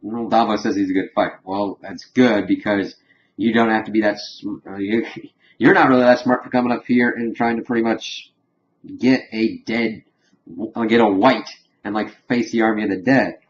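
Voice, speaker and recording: A man's voice: on the low side, fairly even intonation, normal speed, lo-fi sound. A man giving a casual, rambling review of a TV episode, retelling the scenes line by line. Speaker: TV show reviewer.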